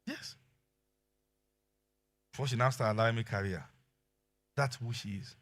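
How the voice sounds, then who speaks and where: A middle-aged man with a Nigerian accent preaching a sermon, shifting between quiet asides and loud exclamations. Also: medium pitch, normal speed. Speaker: pastor.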